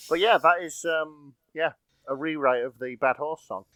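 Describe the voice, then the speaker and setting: A man's voice: fairly high pitch, measured pace, bright, forceful tone, no room sound. A Yorkshire man chats casually as a podcast co-host, cracking crude jokes and bantering with friends. His voice sits close to the mic with a dry, dead sound. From Yorkshire, England. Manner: swears freely, jokey banter. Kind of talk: casual chat.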